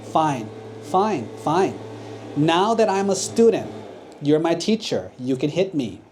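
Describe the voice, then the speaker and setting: A haughty young prince spits out slow, arrogant threats in a raised, louder voice, as a monk acts him out for a children's story. His timbre is pushed away from a plain speaking voice and stays mellow. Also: a little high, very animated, slight background noise, pitched above the performer's own voice. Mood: furious.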